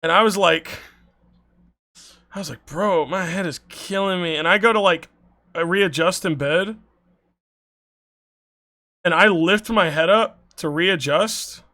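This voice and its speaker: Young male streamer, high bright voice, lively casual storytelling, cursing freely. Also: slow, long pauses. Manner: animated, swearing, laughing often.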